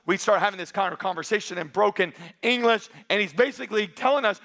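A man's voice: high-pitched, fast talker, vocal fry, hardly any pauses. A male pastor in his thirties preaching a sermon to a large church, telling stories in an emphatic, conversational way. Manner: animated storytelling, emphatic and conversational.

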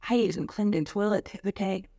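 A woman speaking at a women's church conference, preaching with humor, laughing often and jumping into high mocking voices. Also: quick pace, vocal fry, mellow, no room sound.

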